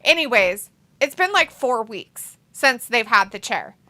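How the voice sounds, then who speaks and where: Lively bright-voiced woman, cursing freely. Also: on the high side, measured pace. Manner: animated, swears constantly, laughs often. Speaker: stream host. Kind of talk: casual chat on a livestream.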